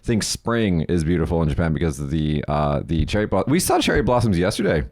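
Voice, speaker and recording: Deep-voiced man, casual swearing podcast host. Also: brisk, no echo, studio quality. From Las Vegas, United States. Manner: swears casually, rambling and animated. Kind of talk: casual chat.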